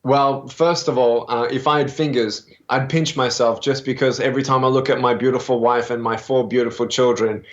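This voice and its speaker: A man's voice: medium pitch, steady tone, brisk, few pauses, lo-fi sound. A man in his thirties with an Australian accent, answering interview questions in an earnest, upbeat way. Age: 30s. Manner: earnest, upbeat, with many fillers. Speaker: guest, motivational speaker.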